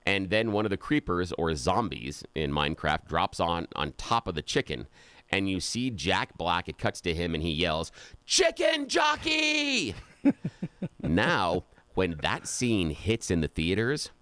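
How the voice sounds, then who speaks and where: A man co-hosting a talk radio show, telling stories in lively casual banter and laughing often. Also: deep voice, moderate pace, clear, resonant tone, no room sound. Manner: animated storyteller, laughs often. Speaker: radio co-host. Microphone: studio microphone.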